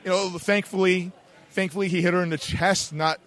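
Stammery defensive guy, high-ish bright voice. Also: steady tone, a little fast. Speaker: wrestling manager. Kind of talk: wrestling backstage interview.

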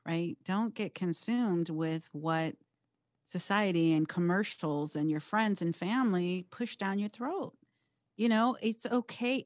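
A woman hosting a podcast, speaking emphatically and encouragingly, with animated quoted speech in her stories. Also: fairly low pitch, dry recording, clean studio sound. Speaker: podcast host. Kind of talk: candid podcast conversation.

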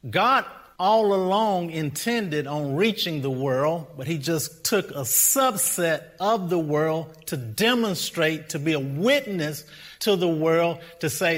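Middle-aged male pastor, bright and slightly high voice, excitable and repetitive preaching. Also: slow pace. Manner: excitable, repetitive, builds to shouting. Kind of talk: sermon.

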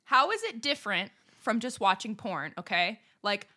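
A woman co-hosting a podcast in casual chat, telling stories in an animated way, swearing freely and laughing often. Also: mid-range voice, moderate pace. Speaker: podcast co-host.

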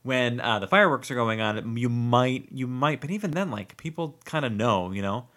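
A man's voice: medium pitch, moderate pace, fairly bright tone. A man co-hosting a podcast in casual chat, rambling and joking, often breaking off mid-sentence. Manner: rambling, self-interrupting, joking. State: warm and sweaty, fanning himself. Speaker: podcast co-host.

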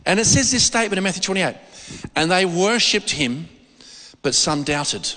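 A man preaching with a high, bright, forceful voice. He rambles and jumps into the voices of the people he quotes. A long reverb from a large hall trails every phrase. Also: animated, normal speed. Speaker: pastor. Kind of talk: sermon.

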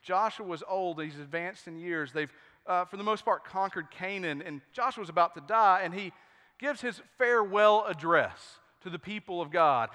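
A man pastor preaching a sermon, telling stories with lively acted-out quotes. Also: high voice, long reverb tail. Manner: storytelling, animated, acts out quotes. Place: church sanctuary.

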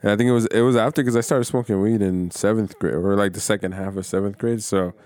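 A man speaking relaxed and matter-of-fact in casual chat, swearing easily. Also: lowish voice, fast talker, no echo.

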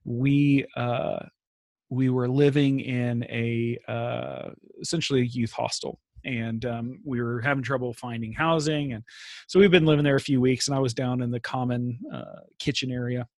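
A man's voice: medium pitch, fairly even intonation, moderate pace, no room sound. A man from Texas co-hosting a podcast, telling rambling stories in casual chat with frequent laughs and restarts. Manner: rambling storyteller, laughs often, lots of restarts and fillers. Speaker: podcast co-host. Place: lives in Sweden.

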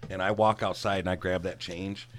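A man's voice: sits low, moderate pace. A middle-aged man telling a long, rambling, profane story from his bartending days in casual chat. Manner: profane, rambling, animated when worked up. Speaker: guest storyteller, former bartender.

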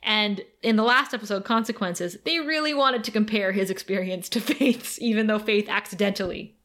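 A young woman hosting a podcast, recapping an episode in casual, animated chat with laughter and swearing. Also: medium pitch, moderate pace. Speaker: podcast host.

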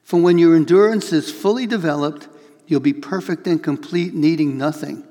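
A male pastor preaching a sermon, telling illustrations with lively acted-out voices and reading scripture aloud. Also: on the high side, moderate pace, big-room sound. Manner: animated storytelling, acts out voices in illustrations.

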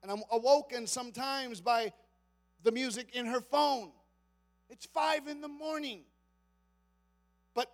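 Pastor, male, very high voice, sermon delivery that swings from quiet talk to shouted preaching. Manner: acts out quoted psalm lines with dramatic emphasis.

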